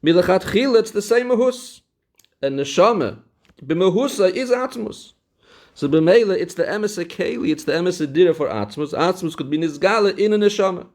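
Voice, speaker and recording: A man's voice: high-pitched, animated, moderate pace, a little mellow. A man teaching a Torah text lesson. He reads Hebrew passages aloud, then explains them in English mixed with Hebrew and Yiddish terms, repeating key phrases for emphasis. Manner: repeats phrases for emphasis, with sing-song study cadence. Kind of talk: Talmudic-style text lesson.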